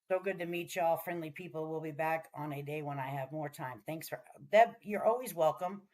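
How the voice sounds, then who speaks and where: A woman's voice: sits low, brisk, darkish tone. A woman, chatting loosely with her livestream viewers. She talks in a folksy, plain-spoken way and swears freely. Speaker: livestream host. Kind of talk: casual livestream chat.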